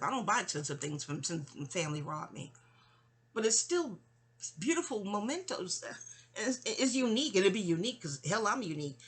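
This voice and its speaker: With a sing-song, medium-pitched voice and a breathy edge, this New York memoir narrator recounts her life at a moderate pace. Her telling wanders, stopping mid-thought for sighs and side comments before looping back.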